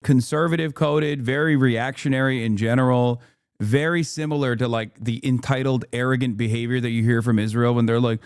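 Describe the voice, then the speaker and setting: A man's voice: medium pitch, steady tone, brisk, clean tone, no room sound, clean studio sound. A man giving casual political commentary in a scornful, rambling rant, heard in a clip played from a stream.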